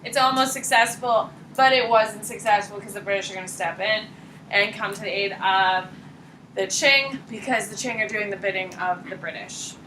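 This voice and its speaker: A woman teaching a high school history class, quizzing students by name in a blunt, casual way. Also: fairly even intonation, normal speed, pushed and bright. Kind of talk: classroom lecture and questioning. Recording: echoey classroom, distant mic, light noise.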